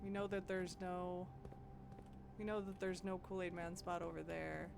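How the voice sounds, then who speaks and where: A woman's voice: lowish voice, flat delivery, normal speed, creaky, background noise. A woman from the American Midwest doing live gameplay commentary as a streamer, musing aloud, giggling and chatting with viewers.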